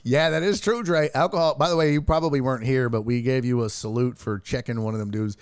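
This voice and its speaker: Talking fast with few pauses, this medium-pitched man runs a live sports stream, laughing and ranting over tweets in crude, casual chat. There's no echo on the recording.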